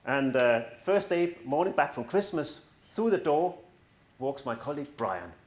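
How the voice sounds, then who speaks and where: A man's voice: on the high side, expressive, measured pace. A middle-aged man speaking as a coach to an audience, earnest and persuasive, with a touch of self-mocking humor. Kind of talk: presentation to an audience. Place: large room in front of an audience. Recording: echoey room.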